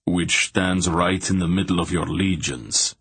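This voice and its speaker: A man's voice: low-pitched, fairly even intonation, measured pace, fairly bright tone, slightly rough, heavily acted. A man reading the lines of a blunt warrior king in an audiobook.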